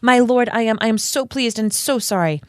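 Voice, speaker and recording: A woman's voice: on the high side, brisk, no room sound, close to an everyday voice. A woman reading aloud the lines of a sniveling, fearful male servant from a book, in a dry, close sound. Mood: pleading.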